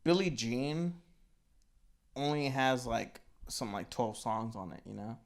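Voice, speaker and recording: A man's voice: medium pitch, lively intonation, slow, vocal fry. A young man co-hosting an album review show, rambling casually with constant "like" and "you know". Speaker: album review podcast co-host. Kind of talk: casual chat.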